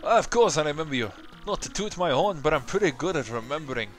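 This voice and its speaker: A man voicing a loud, absent-minded old male goomba professor, blustery and theatrical, over faint game music. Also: a little high, lively intonation, fast talker, pitched above the performer's own voice, lightly acted. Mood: pompous.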